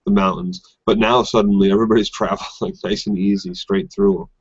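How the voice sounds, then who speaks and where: A man co-hosting a casual TV recap podcast, chatty and quick to laugh. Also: fairly low pitch, little pitch movement, breathy edge, no room sound. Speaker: podcast co-host. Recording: dry, dull lo-fi audio.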